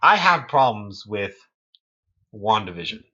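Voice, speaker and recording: A man co-hosting a podcast in casual chat, an animated storyteller who acts out scenes and swears freely. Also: fairly low pitch, a little slow, dull audio. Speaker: podcast co-host.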